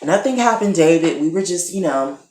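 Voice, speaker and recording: A man's voice: fairly high pitch, expressive, fairly quick, a little mellow, a little hiss or hum, voice pushed up, lightly acted. A man acting out a sly woman feigning innocence in a mock-sweet tone. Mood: feigned innocence. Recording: roomy echo.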